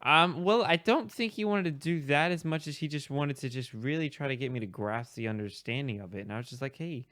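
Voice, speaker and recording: Rambling young man, smooth dry voice. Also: medium pitch, brisk, few pauses, a bit bright, no echo. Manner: rambling, hesitant, many restarts. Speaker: streamer. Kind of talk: improvised comic storytelling.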